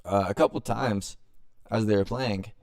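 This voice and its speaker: A young man tells a story on his podcast in a smooth, fairly low voice. He swears freely and acts out what everyone said. The sound is close and dry. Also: steady tone, moderate pace, a little mellow, no room sound. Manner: loose and profane, acting out quotes. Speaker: podcast host. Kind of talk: casual storytelling.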